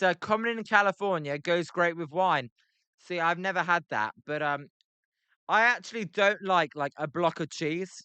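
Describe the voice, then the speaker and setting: Young British streamer calling a ball game loosely, reading chat; clear, smooth, slightly high voice. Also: male voice, sharp tone, no room sound. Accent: British English. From Britain. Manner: rambling, many ums, reads chat aloud. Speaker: livestream commentator. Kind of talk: casual play-by-play with chat reactions.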